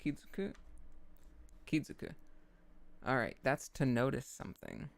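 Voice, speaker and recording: A man streaming his language study, slowly repeating verb forms and muttering to himself at a desk mic. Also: mid-range voice, huge pitch swings, creaky. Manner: slow, repetitive drilling of words, muttering to himself. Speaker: VTuber streamer studying Japanese.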